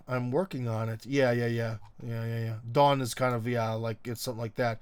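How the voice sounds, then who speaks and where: A man's voice: medium pitch, flat delivery, brisk, few pauses, clean tone, no room sound. A middle-aged man hosting a live stream, chatting casually and reading viewer comments in a rambling, wry way, full of ums and uhs. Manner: wry, teasing.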